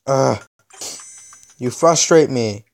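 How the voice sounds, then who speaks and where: A man's voice: medium pitch, extremely slow, creaky. Sarcastic young man grumbling over a game. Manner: exasperated, sarcastic. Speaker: gaming video host. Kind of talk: casual gameplay commentary.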